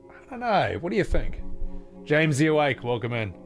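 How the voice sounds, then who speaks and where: A man streaming a game, chatting casually and quickly with his viewers. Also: a little high, big pitch swings, faint music behind. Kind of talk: casual live-stream chat.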